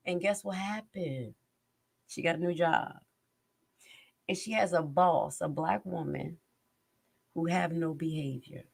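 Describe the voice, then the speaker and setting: A middle-aged woman, hosting a live stream and talking in a blunt, animated, casual way. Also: on the low side. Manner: blunt and animated, acts out other people's lines. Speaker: host of a live commentary stream.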